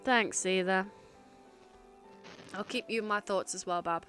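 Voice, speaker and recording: A woman with a Black Country accent, chatting casually as she plays a game on stream and thinks out loud. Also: mid-range voice, a little slow, soft background music. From England. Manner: chatty, thinking aloud with fillers. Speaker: gaming streamer. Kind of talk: casual gameplay commentary.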